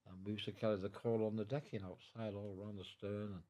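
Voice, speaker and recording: A man in his nineties telling his wartime story at home, halting and repeating words, acting out the voices of others. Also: fairly low pitch, little pitch movement, dark tone. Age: 90s. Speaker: veteran guest. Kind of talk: storytelling in an interview. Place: living room at home.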